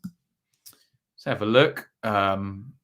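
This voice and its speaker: A man's voice: lowish voice, extremely slow, a bit bright. A man hosting a live football watchalong stream, chatting casually and reading out viewer comments between match updates.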